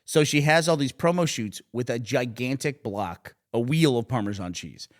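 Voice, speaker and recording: A man with a medium-pitched voice co-hosts a podcast, telling stories at a moderate pace in casual chat. He's animated, laughs often, and uses mocking voices when quoting people.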